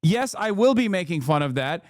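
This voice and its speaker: A man rants through a live reaction to a video, animated and profane. His voice sits a little high and sounds smooth and resonant. The sound is dry and close, with no room echo. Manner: animated, profane, quick to laugh and rant. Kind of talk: casual live reaction commentary.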